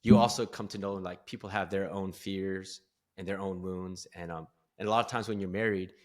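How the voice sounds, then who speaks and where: A man's voice: sits low, steady tone, normal speed. A man guesting on a podcast, telling a personal story in an earnest, openly vulnerable way and laughing at himself now and then. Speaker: podcast guest, performance coach. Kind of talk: candid conversational storytelling.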